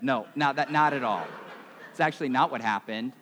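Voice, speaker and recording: A man preaching a sermon in a conversational, self-mocking way, his voice swinging between loud and quiet. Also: medium pitch, fairly quick, long reverb tail. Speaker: pastor.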